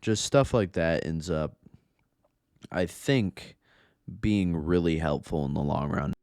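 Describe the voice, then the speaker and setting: Deep-voiced young man rambling over gameplay. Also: slow pace, a little mellow, smooth, no room sound, clean studio sound. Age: young adult. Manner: rambling, profane, self-mocking. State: a bit out of breath. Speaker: gaming YouTuber. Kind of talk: casual gameplay commentary. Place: home.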